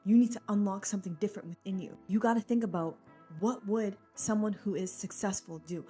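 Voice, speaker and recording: A woman's voice: medium pitch, dark tone. A woman vlogger giving an earnest, encouraging motivational talk straight to the viewer, casual, with many "like" fillers. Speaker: lifestyle vlogger.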